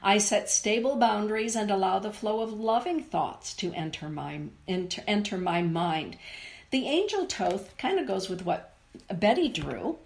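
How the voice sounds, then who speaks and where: A middle-aged woman giving a live oracle card reading to viewers, speaking in a soothing, unhurried way. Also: mid-range voice. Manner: slow, soothing, unhurried delivery. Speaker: spiritual card reader.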